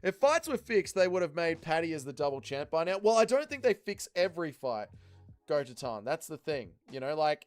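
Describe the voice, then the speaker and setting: Male livestream host, slightly high voice, profane off-the-cuff chat replies over faint music. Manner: reads viewer comments aloud and answers them, loose and profane.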